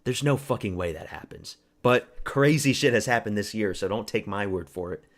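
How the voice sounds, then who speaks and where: A man's voice: lowish voice, expressive, normal speed. A man hosting a casual fight watch-party stream, rambling, swearing and answering chat. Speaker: livestream host.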